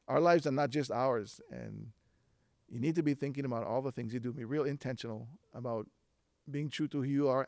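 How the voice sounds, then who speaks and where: A man's voice: medium pitch, no echo. Male storyteller, casual and chatty, mid-range voice, dry sound. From Hawaiʻi. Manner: relaxed and conversational, with frequent fillers and restarts. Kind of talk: live storytelling on stage. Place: stage before a live audience.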